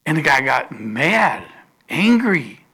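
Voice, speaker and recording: Man, pastor, preaching: unhurried, slightly higher voice, dramatic swings in volume. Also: sing-song, husky. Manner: emphatic preaching with sudden loud rises and soft drops; acts out quoted voices in storytelling. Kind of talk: sermon.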